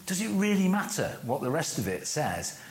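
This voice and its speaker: Measured man teaching in an echoey room. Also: fairly high pitch, wildly swooping pitch. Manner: measured, slows down to stress key phrases. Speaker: course leader giving a church talk. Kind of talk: teaching talk to a group. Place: room with a live audience.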